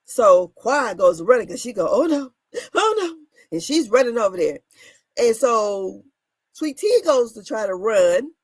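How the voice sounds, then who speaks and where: A woman in her thirties casually recapping reality TV drama, animated and laughing, her voice swinging between loud and soft. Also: medium pitch, measured pace, dry recording. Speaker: commentary show host.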